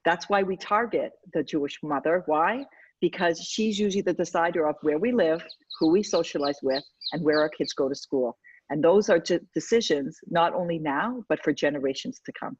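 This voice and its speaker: A woman with a deep, husky voice talks fast as an educator guest in a conversational interview, persuading with emphasis. The recording is dry, dull and lo-fi.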